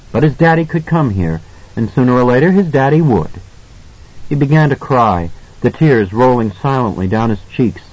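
A man narrating an audiobook in a measured, suspenseful reading style. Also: fairly low pitch, darkish tone, dull audio. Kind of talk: scripted narration.

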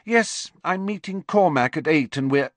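Man reader playing clever teen girl, high, pointedly sweet, dry close mic. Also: lively intonation, moderate pace, no room sound, close to an everyday voice. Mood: sweetly smug. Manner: bright, pointedly sweet delivery. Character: teenage girl, brainy, sweetly smug.

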